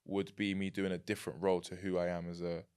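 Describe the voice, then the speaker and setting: Young london guy, super deep voice, chatty podcast guest, laughs a lot. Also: fast talker, smooth. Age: young adult. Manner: animated, laughs easily, repeats words. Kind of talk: casual chat.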